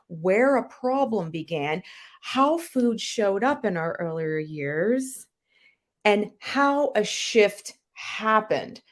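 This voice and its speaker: A woman, a health coach and author, telling a personal story as a podcast guest in an animated, emphatic way with sudden jumps in pitch.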